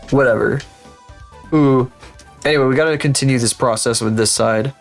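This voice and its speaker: A man's voice: medium pitch, moderate pace, long pauses, soft background music. A man streaming live, chatting casually and with lots of swearing while he works through 3D rigging and talks to his viewers. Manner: profane, rambling, sarcastic, talks to viewers.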